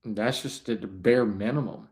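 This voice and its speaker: The stream host has a lowish, slightly mellow voice and speaks at a moderate pace. His casual talk wanders and turns preachy, with frequent fillers and false starts.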